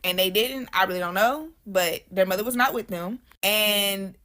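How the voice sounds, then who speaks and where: A young woman tells a spooky personal story in a loose, slangy storytime manner. She talks straight to her viewers, and her voice sits in an ordinary middle pitch. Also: moderate pace, bright, forceful tone. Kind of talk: casual storytime.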